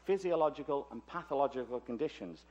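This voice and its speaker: A man's voice: medium pitch, lively intonation, fast, warm tone, muffled recording. British man giving a chatty conference talk. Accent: British English. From Liverpool, England. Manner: chatty, joking asides. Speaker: conference lecturer. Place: conference hall.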